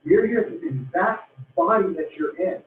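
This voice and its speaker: A man's voice: high-pitched, animated, normal speed, slight background noise. A man giving a motivational talk to a group, emphatic and repetitive, drawing out words to press his point. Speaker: motivational speaker. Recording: tinny, roomy, distant from mic.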